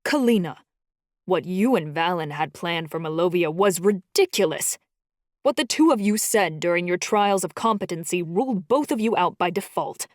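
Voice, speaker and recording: A woman voicing a booming, playful middle-aged male dragon-shifter uncle who teases and scolds. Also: expressive, normal speed, no echo, studio quality, close to an everyday voice. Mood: scolding. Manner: teasing, scolding.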